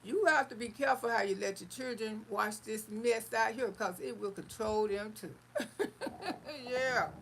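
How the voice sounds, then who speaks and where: A woman talks through a casual livestream in a deeply gravelly, creaky voice at an everyday middle pitch. She is folksy and affectionate, reading viewer comments and calling everyone honey and sugar. A faint hiss sits under her voice. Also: measured pace, fairly bright tone, poor audio. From Florida, US. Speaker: livestream host.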